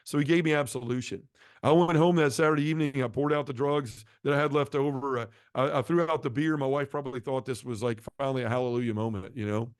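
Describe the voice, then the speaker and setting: Man, guest, earnest testimony, quick talker, dry close recording. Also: mid-range voice, fairly even intonation, no room sound. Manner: earnest, acts out quoted dialogue. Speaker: podcast guest. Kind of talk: personal testimony storytelling.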